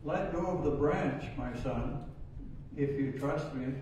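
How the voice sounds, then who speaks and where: A man in his nineties voicing God from the sky, with solemn, calm commands. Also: mid-range voice, takes it slowly, a little hiss or hum, natural voice. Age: 90s. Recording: echoey hall, voice from far off.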